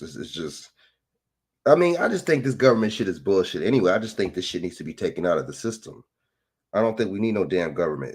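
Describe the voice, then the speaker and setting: A man, ranting casually into a phone, rambling and profane with repeated rhetorical questions. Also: low-pitched. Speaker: commentator. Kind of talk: casual political rant.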